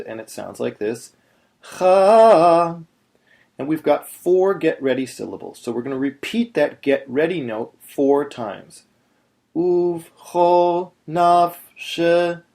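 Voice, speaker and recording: A man teaching Torah chanting in a video lesson, explaining step by step and chanting slow demonstrations. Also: mid-range voice, expressive, creaky, warm tone.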